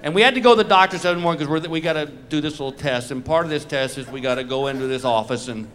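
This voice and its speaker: On a comedy club stage, a man tells a story with punchlines and brief acted quotes while the live audience laughs. His voice is a little high and a bit bright, and he races along; the live recording picks up audience noise.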